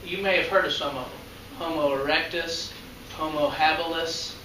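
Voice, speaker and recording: His voice is on the high side and steady, delivered at a moderate pace, as this high school biology teacher talks his class through a lecture. He chats casually and regularly quizzes the students. Heard from a distance, the echoey classroom carries a faint noise.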